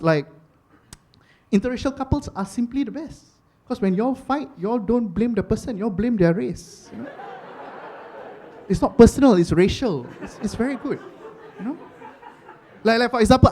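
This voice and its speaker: A young man from Singapore with a Singaporean accent, doing stand-up comedy with animated storytelling and Singlish phrasing. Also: sits high.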